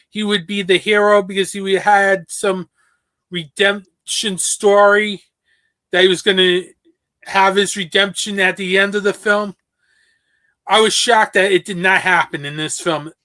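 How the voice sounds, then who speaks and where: A man's voice: high-pitched, pushed and bright. A male podcast host in casual chat, enthusiastic and repeating himself for emphasis.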